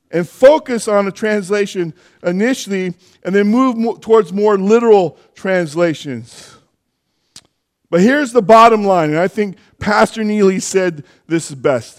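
A man preaching a sermon in church, in a conversational way with asides and self-corrections. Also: sits high.

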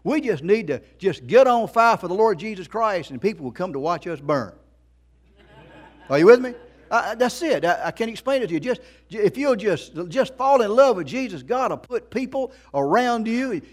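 A man's voice: high voice, animated, normal speed. A middle-aged man preaching a sermon as a pastor, emphatic, repeating phrases and asking the congregation rhetorical questions.

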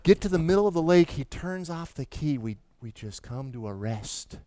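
A middle-aged man preaching in a high, bright voice. He tells his story eagerly and trips over repeated words as he speeds up. He keeps turning to the congregation with questions. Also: moderate pace, dry recording. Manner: animated storytelling with stammered restarts; asks the audience questions. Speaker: pastor. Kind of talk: sermon.

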